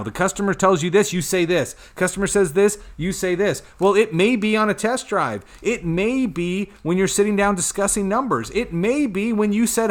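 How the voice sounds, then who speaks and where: A man's voice: sits high, normal speed, few pauses. A man coaching a sales team in a loose, talky way, with a voice that sits a little above most men's. He plays out both sides of customer conversations and keeps checking in with "right?" and "okay?". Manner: animated, acts out customer dialogue, frequent "right?" and "okay?". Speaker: sales trainer. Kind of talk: casual sales coaching talk.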